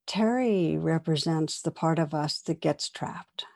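A woman meditation teacher giving a dharma talk, telling a story in a gentle, reflective way. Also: deep voice, unhurried, creaky. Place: meditation hall.

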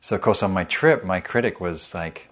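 Low-voiced male meditation teacher. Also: moderate pace. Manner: humorous, conversational, self-deprecating. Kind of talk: dharma talk.

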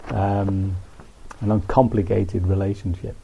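A man giving an unhurried, folksy meditation talk to a retreat group, full of asides like "you see". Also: deep voice, level tone, gravelly, warm tone, a little hiss or hum, rough recording. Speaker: Buddhist meditation teacher. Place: retreat centre.

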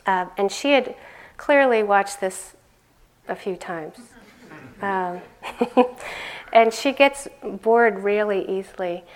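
An older woman giving a conversational dharma talk as a meditation teacher, laughing often and growing animated as she tells stories. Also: mid-range voice, slow pace, pauses often.

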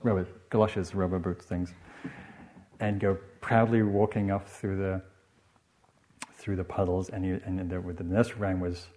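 Mellow meditation teacher. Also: male voice, sits low, little pitch movement. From northern England. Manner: reflective, unhurried, many "you know" asides. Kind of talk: dharma talk.

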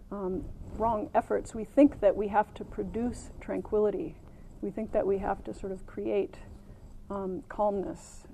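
A woman meditation teacher giving a gentle, unhurried dharma talk at a retreat center, with many ums and light laughter at her own stories. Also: mid-range voice, creaky, slight background noise, poor audio.

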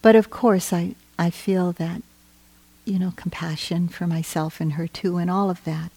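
A woman meditation teacher giving a gentle, reflective dharma talk on retreat, pausing often and trailing into soft phrases. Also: fairly low pitch, steady tone, breathy edge.

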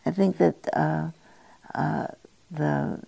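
An older woman gives a dharma talk in a very low, gravelly voice with a mellow, dark tone. She muses gently, pausing often and searching for words. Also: fairly even intonation. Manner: gentle, musing, with frequent pauses and fillers. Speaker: meditation teacher.

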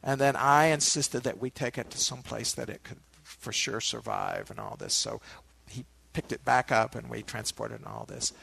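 Gravelly man telling a teaching story. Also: medium pitch, moderate pace, hardly any pauses, a little hiss or hum. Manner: relaxed storyteller with asides to listeners. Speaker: meditation teacher. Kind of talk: dharma talk with personal storytelling.

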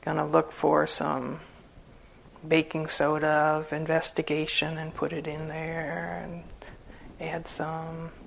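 A woman's voice: deep voice, monotone, takes it slowly, creaky, a little hiss or hum, poor audio. A woman giving an informal dharma talk as a Buddhist meditation teacher, conversational and humorous, often breaking into laughter.

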